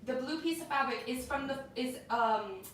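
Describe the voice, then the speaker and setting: Animated young woman, echoey room. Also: high voice, normal speed. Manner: animated, opinionated, heavy use of "like". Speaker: co-host. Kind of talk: casual entertainment news chat. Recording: echoey room, mic at a distance, faint noise.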